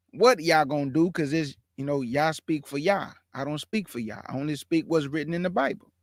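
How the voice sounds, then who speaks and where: A man with a notably high voice delivers fiery preaching-style commentary as the host of his own show. He hammers his points home with emphatic repetition, and the sound is dry and close with no room echo.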